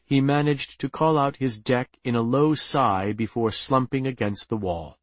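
A man narrating an audiobook in a measured, even way. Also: mid-range voice, no room sound. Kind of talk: scripted narration.

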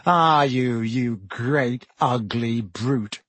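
A man's voice: mid-range voice, very slow, fairly bright tone, no room sound. A man doing a drawling, sneering schoolboy. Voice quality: drawling, then shrieking in panic. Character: sneering spoiled teenage boy, drawling.

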